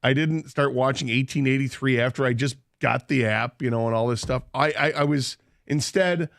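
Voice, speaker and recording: A man's voice: mid-range voice, normal speed, vocal fry, fairly bright tone, no echo, studio quality. A man hosting a radio show, telling a story in casual banter and laughing often.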